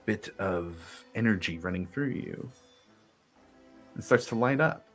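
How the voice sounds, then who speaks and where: A man's voice: sits low, expressive, measured pace, pauses often, soft background music. A man narrating a tabletop game as game master, describing scenes loosely with fillers.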